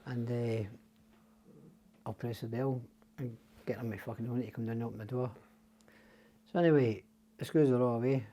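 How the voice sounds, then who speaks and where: Older Scottish man as a podcast guest, dark mellow voice, salty storyteller who mimics the people in his tales. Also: mid-range voice, fairly even intonation, moderate pace, pauses often. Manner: swears freely, acts out quoted voices. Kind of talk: casual storytelling.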